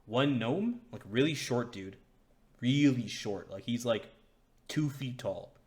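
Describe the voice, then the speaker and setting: A man's voice: medium pitch, expressive, slow. A man running a tabletop game as dungeon master, narrating casually with a rambling flow and many fillers.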